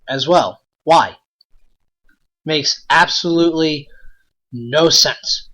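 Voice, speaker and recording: Bright-voiced man ranting on a podcast. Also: a little high, unhurried. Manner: exasperated, blunt, rhetorical questions. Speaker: podcast host. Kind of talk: ranting wrestling commentary podcast.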